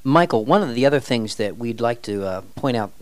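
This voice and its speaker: A man's voice: mid-range voice, animated, brisk, dry recording. A man with a mid-range voice, recorded dry and close, teaches a ministry team. He reads scripture with dramatic lifts and preacher-like emphasis.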